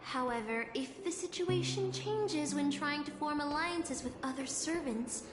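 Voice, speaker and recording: A woman's voice: high voice, unhurried, background noise. An actress voicing a calculating, detached woman warrior in a video game. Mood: cool. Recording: reverberant game audio with music.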